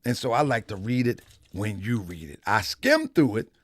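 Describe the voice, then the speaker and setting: A man's voice: fairly low pitch, sing-song, normal speed, fairly bright tone, dry recording. A man hosting a live stream in a casual, repetitive style, talking straight to his chat. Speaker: live-stream show host.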